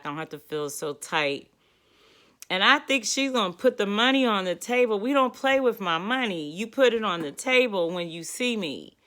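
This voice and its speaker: Exasperated woman telling a story. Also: medium pitch. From Washington DC area. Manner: animated, exasperated, conversational. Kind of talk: casual storytime monologue.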